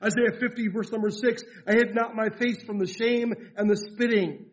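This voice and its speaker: A man's voice: sits high, fairly even intonation, normal speed, muffled recording. A man preaching as a pastor, quoting scripture and telling a story from his family life in an earnest sermon. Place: church rally hall.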